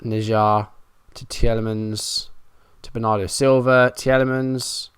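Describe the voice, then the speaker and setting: A man calls a football management match play by play, often frustrated and poking fun at himself. His voice is smooth and resonant. It is recorded close and dry, with no room sound. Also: lowish voice, level tone, slow pace, no echo. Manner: running play-by-play, frustrated and self-mocking. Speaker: gaming YouTuber. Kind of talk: Let's Play commentary.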